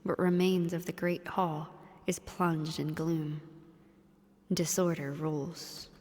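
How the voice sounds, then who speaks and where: A woman with a slightly low voice reads out a story game's narration in an even, measured manner. She sounds like she is in a space with long reverb, and she slips into quick casual chat between passages. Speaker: let's play co-host narrating the game text. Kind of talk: reading game narration aloud with casual asides.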